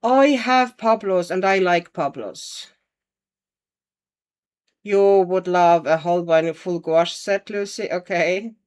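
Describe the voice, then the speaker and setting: A woman's voice: on the low side, takes it slowly, a little mellow. A woman hosting a casual livestream, chatting and thinking aloud as she paints and answers viewer comments. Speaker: livestream host.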